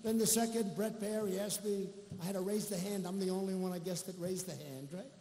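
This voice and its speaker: A man's voice: high voice, fairly even intonation, a little fast, creaky, dark tone. A male politician giving a campaign rally speech, boastful and rambling, full of mocking asides. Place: large indoor rally venue. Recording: echoey arena with crowd ambience.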